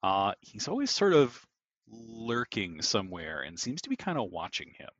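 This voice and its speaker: A man narrating a tabletop game as game master, relaxed and hesitant, with many pauses. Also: fairly low pitch, dry recording, highs cut off.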